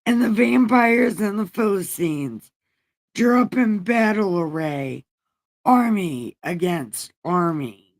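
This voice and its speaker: A woman reads the Bible aloud in a slow, unhurried drawl, breaking off into profane slang paraphrase. She chats to her livestream viewers between verses, loose and casual rather than reverent. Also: medium pitch, expressive. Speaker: livestream host reading scripture. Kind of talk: irreverent casual scripture reading.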